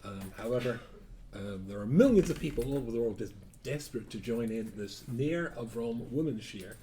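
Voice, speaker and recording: Rambling rabbi telling a story. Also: male voice, medium pitch, animated, moderate pace, mellow, a little hiss or hum. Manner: rambling, self-correcting storyteller with dry asides. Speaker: rabbi teaching a class. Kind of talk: informal Torah class.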